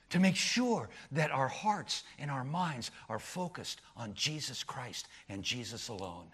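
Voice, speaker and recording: A middle-aged man preaching a sermon as pastor, with frequent restarts, moving between loud emphatic peaks and quiet low asides. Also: expressive, measured pace, few pauses, husky. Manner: frequent restarts and repeated words.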